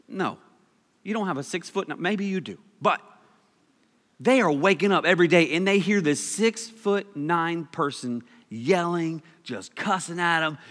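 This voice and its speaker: A man's voice: sits high, animated, a little slow, sharp tone, big-room sound. A man preaching a casual, joking sermon, telling stories with animation.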